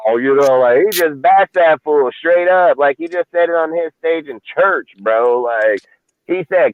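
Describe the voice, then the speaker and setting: A man's voice: mid-range voice, a little slow, dry recording. A man hosting a casual sports talk podcast, ranting and swearing constantly in a fired-up way. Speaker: podcast host. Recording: dry, phone-like lo-fi audio.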